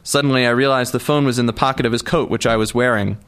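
A man's voice: medium pitch, fairly even intonation, fast talker, a bit bright, smooth. A male narrator reading a first-person story aloud in a wry, dry manner. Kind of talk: audiobook narration.

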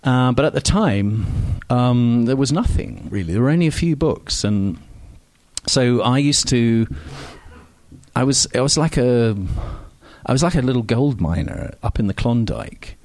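A man's voice: medium pitch, lively intonation, moderate pace, darkish tone, no echo. A man telling stories in an interview, rambling and self-deprecating, with frequent ums and restarts. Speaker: novelist guest. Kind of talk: casual anecdotal interview talk.

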